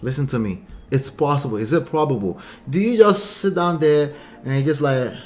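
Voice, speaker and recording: Medium-pitched and lively in intonation, a man speaks at a moderate pace while hosting a livestream about relationships. He's a coach who runs the channel, going through viewer comments and hammering home repeated points with rhetorical questions. Frequent laughter and mocking put-on voices for quoted lines mark his style.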